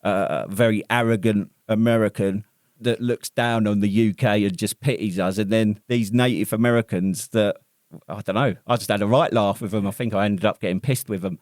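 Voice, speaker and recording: A man's voice: on the low side, steady tone, normal speed, darkish tone, no echo, clean studio sound. A British man, an army veteran co-hosting a podcast, chatting in laid-back, sweary banter. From United Kingdom. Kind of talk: casual podcast chat.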